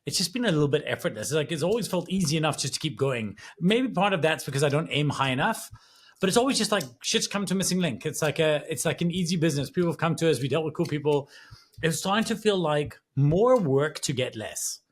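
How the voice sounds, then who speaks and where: A man co-hosting a podcast, thinking out loud in a rambling, reflective way with many restarts in a casual conversation. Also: a little high, expressive, fast. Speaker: podcast co-host.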